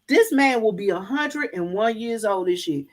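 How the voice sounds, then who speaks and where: A woman's voice: medium pitch, lively intonation, normal speed. A middle-aged woman, chatting casually to her viewers and telling folksy stories. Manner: folksy storytelling, addresses viewers as y'all. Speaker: vlogger. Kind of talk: casual chat to live viewers.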